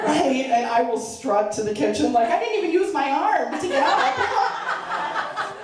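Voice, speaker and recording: A middle-aged woman doing a stand-up comedy set, chatty and self-mocking, laughing at her own jokes. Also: medium pitch. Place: charity event hall. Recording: echoey room, mic far off.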